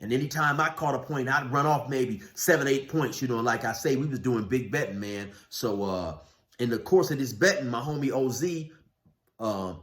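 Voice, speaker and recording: A man's voice: medium pitch, moderate pace, a bit bright. A man casually telling a story from his past in a laid-back, drawling way, full of "man" and "you know". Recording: roomy echo.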